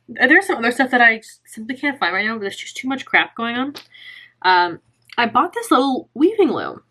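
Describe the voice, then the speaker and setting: A woman's voice: fairly high pitch, big pitch swings, brisk, sharp tone. A young woman chatting casually to camera in a knitting vlog, gushing and rambling with lots of fillers. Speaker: knitting vlogger.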